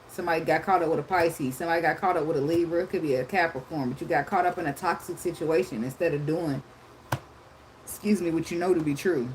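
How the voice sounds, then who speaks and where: A woman in her thirties giving a casual tarot reading, talking loudly and profanely with lots of laughter. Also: low voice, slight background noise, poor audio. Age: 30s. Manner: loud, profane, laughing storyteller. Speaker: tarot reader.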